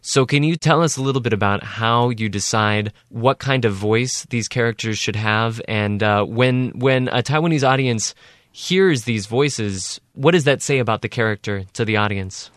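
A man's voice: medium pitch, moderate pace, a bit bright, no room sound, clean studio sound. A man interviewing a guest and asking curious, thoughtful questions in a conversational way.

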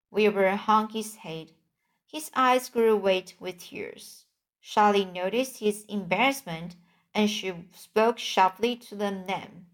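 Slow, gentle woman reading a storybook. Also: medium pitch. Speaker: audiobook reader. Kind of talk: storybook narration.

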